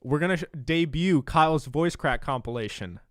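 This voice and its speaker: A man's voice: on the high side, lively intonation, normal speed, no room sound. Giggly young male co-host, chatty and rambling, dry close-miked sound. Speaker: podcast co-host. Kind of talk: casual podcast chat.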